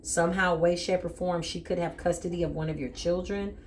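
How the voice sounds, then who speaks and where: Blunt tarot reader, a woman, deep voice, faint hiss behind. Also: steady tone, fairly quick. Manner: blunt, emphatic, talks straight to the viewer. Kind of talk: spiritual tarot reading to viewers.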